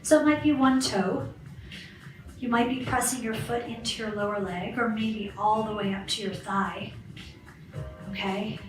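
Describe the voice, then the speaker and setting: A woman's voice: medium pitch, fairly even intonation, measured pace, long pauses, over music. A woman fitness instructor leading a guided balance and stretching class, cueing moves and counting reps in an encouraging way. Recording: roomy, far from the mic, faint background hiss.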